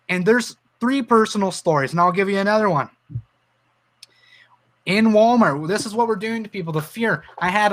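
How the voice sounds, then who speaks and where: A man's voice: high-pitched, a bit bright. A Canadian man hosting a livestream, telling personal stories and reading viewer comments aloud in an earnest, emotional way. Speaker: livestream host.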